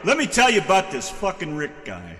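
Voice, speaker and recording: A rowdy American man co-hosts a radio show, swearing freely and calling out names from the chat. His voice is bright and swings up and down a lot. It rings in a long room echo. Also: fairly high pitch, huge pitch swings, fairly quick. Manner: rowdy, profane, hollering greetings. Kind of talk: casual crude banter.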